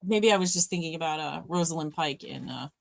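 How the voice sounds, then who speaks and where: Woman, low voice, casual rambling chat, laughs a lot, dry close sound. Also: lively intonation, brisk, creaky, no echo. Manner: chatty, laughs often, trails off mid-sentence. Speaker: livestream co-host. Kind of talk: casual chat during a movie watch party.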